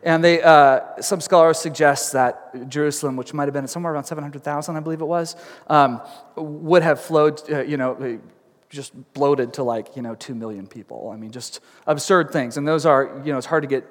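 High-voiced pastor in a reverberant hall. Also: male voice, normal speed. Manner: animated storytelling, acting out crowd voices; chatty, with fillers and asides. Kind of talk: sermon.

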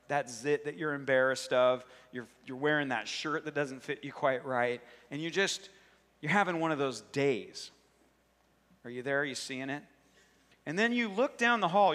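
Animated male preacher in a big hall. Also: a little high. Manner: animated, conversational, acts out voices. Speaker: pastor. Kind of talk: sermon. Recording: long reverb of a large hall.

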